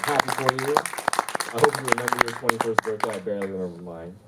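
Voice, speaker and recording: A man in his forties doing a loose, swearing stand-up set and telling stories, with sudden shouted impressions. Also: medium pitch, fast talker, very noisy. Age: 40s. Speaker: stand-up comedian. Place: club or hall with a live crowd. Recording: distant mic in a roomy hall, loud crowd.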